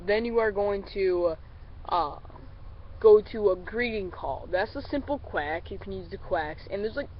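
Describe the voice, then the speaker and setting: Slightly sick man teaching duck calls. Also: sits high. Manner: relaxed, rambling, addresses viewers as guys. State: a little sick. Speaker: duck calling instructor. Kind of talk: casual tutorial. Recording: slightly dull lo-fi recording with faint vehicle noise.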